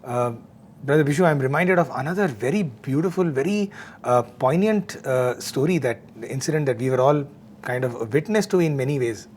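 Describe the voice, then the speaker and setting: A man's voice: mid-range voice, expressive, brisk, a little mellow, a little hiss or hum. A man hosting a devotional discussion, speaking earnestly with many "you know" fillers. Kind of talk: conversational satsang discussion.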